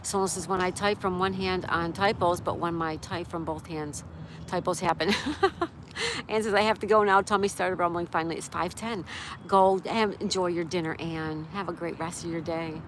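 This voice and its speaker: Her voice is fairly low and a bit bright, held in a steady tone at a moderate pace, and the audio quality is poor. Live streaming by a road in a town, she casually chats, reads out chat messages and looks after her dog, while traffic, street and vehicle noise comes through clearly.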